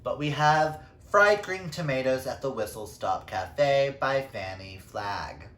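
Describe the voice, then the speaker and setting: A man's voice: mid-range voice, animated, takes it slowly, fairly bright tone, slight background noise. Chatty man in an echoey room. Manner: chatty and self-deprecating, with playful asides. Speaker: book reviewer. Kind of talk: casual book wrap-up chat. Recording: roomy echo.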